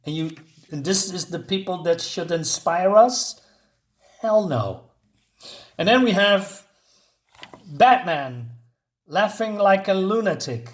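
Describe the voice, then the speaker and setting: A man's voice: sits high, animated, takes it slowly, long pauses. A man casually reviewing a comic book, incredulous and sarcastic, with lots of fillers.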